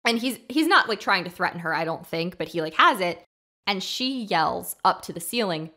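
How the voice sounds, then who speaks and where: This podcast co-host walks through a movie one scene at a time in relaxed conversation, performing the characters' quotes with lots of fillers along the way. She has a medium-pitched voice and speaks slightly quickly.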